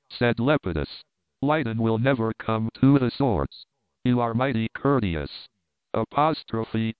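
A man's voice: mid-range voice, clean tone, dry recording. A man reading a classic novel aloud as narrator, giving the quoted speech in much the same voice. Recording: dry tinny phone-like sound.

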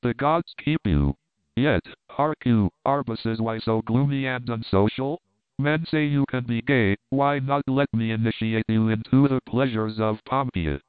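A man voicing a vain Roman nobleman who speaks smoothly and flatteringly, in a storybook reading. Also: mid-range voice, unhurried, dry recording, close to an everyday voice. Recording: tinny phone-like sound.

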